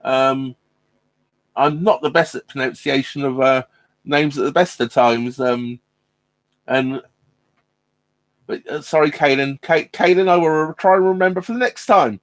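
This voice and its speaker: Chatting on a live stream from his narrowboat, this middle-aged man has a fairly high voice and a measured pace broken by long pauses. The laptop-mic recording is dry, and his talk is hesitant, packed with ums and restarts.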